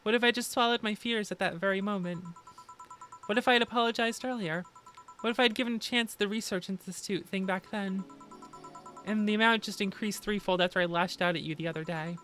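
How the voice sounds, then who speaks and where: A woman streamer reading a game's story aloud and taking on every part herself. Her delivery is plain, at a middle pitch for a woman. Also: brisk, a bit bright, faint music behind. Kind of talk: reading game dialogue aloud.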